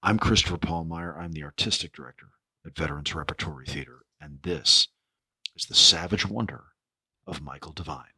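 A man hosting a podcast, speaking with a hoarse, ragged voice in a rambling way, full of fillers and restarts. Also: a bass voice, a little fast, sharp tone, no room sound. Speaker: podcast host. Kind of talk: spoken podcast intro.

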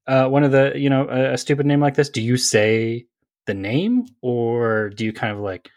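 A man's voice: mid-range voice, moderate pace, darkish tone, dry recording. A man co-hosting a comedy podcast, rambling and self-mocking in casual chat. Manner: rambling, self-mocking, acts out angry customers. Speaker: podcast co-host.

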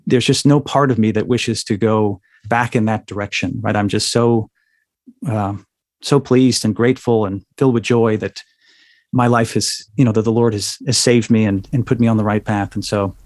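A man's voice: fairly low pitch, fairly even intonation, moderate pace, darkish tone, dry recording, clean studio sound. A man as an interview guest, talking in a thoughtful, lecturing way and often checking in with "right?". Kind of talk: interview answer, explanatory.

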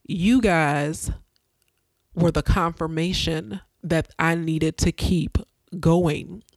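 A woman's voice: sits low, drawn-out words, darkish tone, no room sound. A woman hosting her own podcast, giving an earnest, preacher-like motivational talk that repeats phrases for emphasis. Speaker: podcast host.

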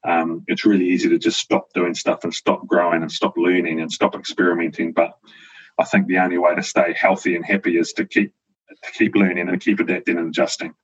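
Low, husky New man. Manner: reflective, hesitant, many fillers and restarts. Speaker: guest, avocado farmer. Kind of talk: casual conversation. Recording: dull lo-fi sound.

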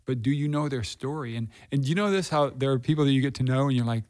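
A man's voice: medium pitch, fast, a little mellow. A middle-aged man, a pastor, talking candidly and earnestly about his faith and hard times, repeating phrases for emphasis. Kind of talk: candid conversational testimony.

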